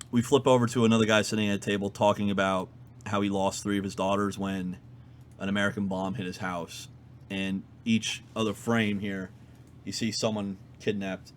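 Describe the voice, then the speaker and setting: A man co-hosting a comic book podcast, retelling a comic's story in a lively, casual way with fillers. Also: on the low side, slight background noise. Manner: animated retelling, fillers, quotes characters in his own voice. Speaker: podcast co-host reviewing comics. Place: comic shop.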